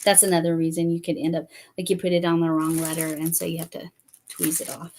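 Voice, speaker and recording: A woman's voice: on the low side, flat delivery, fast talker, darkish tone, slight background noise. A woman hosting a casual live stream, chatting and rambling with many fillers.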